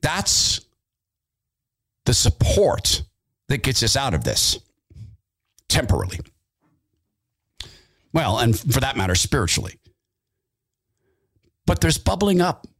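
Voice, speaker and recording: A middle-aged man hosting an opinionated political talk monologue, sarcastic and animated, with asides and mock voices. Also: medium pitch, takes it slowly, pauses often, slightly rough. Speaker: political commentary host.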